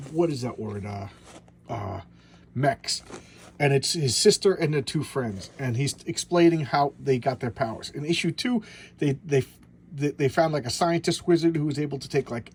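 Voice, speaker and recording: Showing off a comic book in a relaxed commentary, a man with a medium-pitched voice rambles along, tripping over his words and starting again while chuckling to himself. There's slight background noise.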